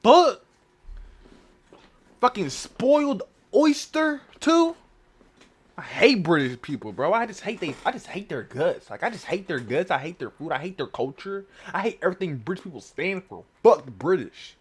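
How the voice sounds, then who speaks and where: A man reacting to a video with a loud, mocking, profanity-heavy comedic rant. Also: fairly high pitch, very animated, brisk, hardly any pauses, breathy edge. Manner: loud, mocking, swears constantly, mimics voices.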